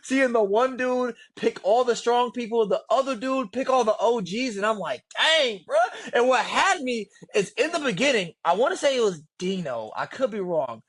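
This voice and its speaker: A man co-hosting a casual reaction podcast, talking in an animated, slangy way, his voice jumping up when he is exasperated. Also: very high-pitched, moderate pace, few pauses, dry recording. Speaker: podcast co-host.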